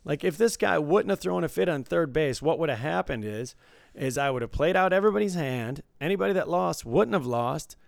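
A man who supervises casino tables, chatting casually and telling an animated story with frequent restarts. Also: a little high, fairly quick, creaky, dry recording, clean studio sound. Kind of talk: casual chat.

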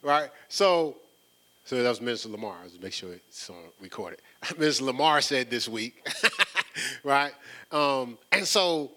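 A man preaching in a casual, conversational way, teaching from scripture with slangy phrasing and repeated words, building up excitement as he goes. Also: mid-range voice, measured pace. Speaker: preacher leading a Bible study. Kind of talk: conversational sermon.

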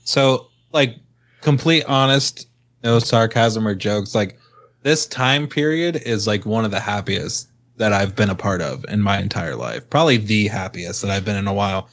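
A man's voice: lowish voice, lively intonation, moderate pace, fairly bright tone. A young man co-hosting a podcast, talking bluntly in crude, casual banter and trash-talking freely. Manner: blunt, swears, trash-talks. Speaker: podcast co-host.

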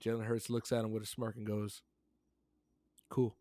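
A man's voice: lowish voice, monotone, fast talker, dark tone, no echo. A man co-hosting a sports podcast, chatting casually and animatedly, joking and repeating himself. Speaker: podcast co-host.

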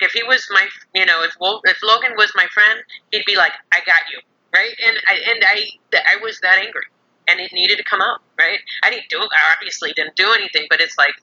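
A woman's voice: medium pitch, bright, forceful tone, highs cut off. A woman speaking as a psychologist guest on a podcast, earnest and reflective in casual conversation. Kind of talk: casual interview chat.

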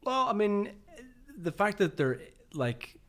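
A man's voice: high voice, very animated, slow pace, fairly bright tone. A man co-hosting a podcast, talking eagerly with many restarts in casual chat. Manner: enthusiastic, stumbling restarts. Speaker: podcast co-host.

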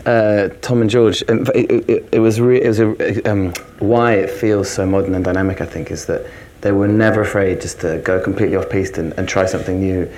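Deep-voiced actor telling stories. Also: male voice, a little fast, few pauses, slight background noise. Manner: animated storytelling, acts out quotes. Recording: roomy echo.

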